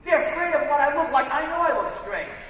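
A man voicing a grateful male gas station attendant in a story, talking loud and pleading. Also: very high-pitched, lively intonation, a little fast, voice pushed up. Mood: impassioned. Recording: echoey hall from far off.

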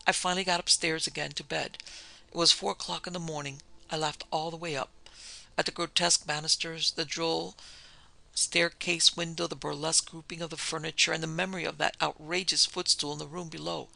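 A man voicing a nervous, frightened male author who speaks in jerky sentences with a lowered voice. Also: steady tone, a little fast, gravelly, pushed and bright, exaggerated voice, rough recording. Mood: uneasy.

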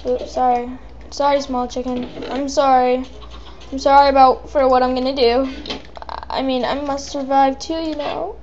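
A woman giving excitable, chatty commentary while playing a video game and talking to her viewers. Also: high-pitched, normal speed, muffled recording, heavy background noise. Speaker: let's play gamer. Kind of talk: live gameplay commentary.

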